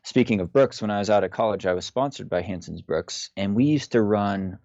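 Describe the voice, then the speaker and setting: Low-voiced man in his thirties, dull call audio. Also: a little fast, no echo. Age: 30s. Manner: relaxed, rambling, frequent fillers. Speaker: guest. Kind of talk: casual chat on a video call.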